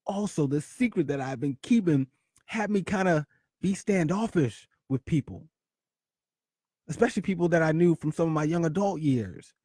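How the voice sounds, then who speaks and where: A man's voice: a little high, lively intonation, moderate pace, husky, no echo, clean studio sound. Man telling a heartfelt personal story. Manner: emotional, dramatic shifts between loud and hushed. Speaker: podcast host.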